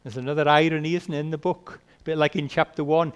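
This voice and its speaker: Preacher posing rhetorical questions. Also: male voice, fairly high pitch, steady tone, fast, clean tone. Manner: rhetorical questions, emphatic swings in loudness. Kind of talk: sermon.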